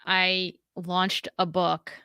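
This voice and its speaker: A woman co-hosting a casual talk show, chatty and quick to laugh, with many fillers. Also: fairly low pitch, monotone, sharp tone, slight background noise. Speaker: podcast co-host. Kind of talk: casual chat.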